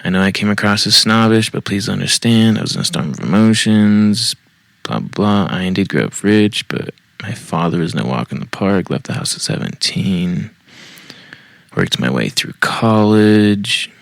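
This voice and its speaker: A man's voice: lowish voice, sing-song, moderate pace, creaky, fairly bright tone, no room sound. A man hosting a podcast, reading a post aloud and breaking off with blunt, profane, mocking asides. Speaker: podcast host.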